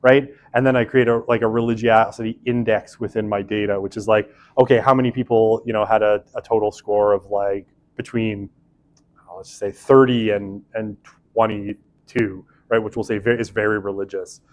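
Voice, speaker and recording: A man's voice: fairly low pitch, steady tone, moderate pace. Chatty man lecturing a class. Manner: chatty, many fillers and asides, self-deprecating. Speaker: university lecturer.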